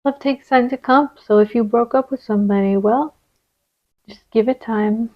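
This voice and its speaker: A woman giving a channeled card reading, gentle and reassuring, sometimes dropping to a soft whisper as she places cards. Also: fairly high pitch, moderate pace, lo-fi sound. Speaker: tarot reader.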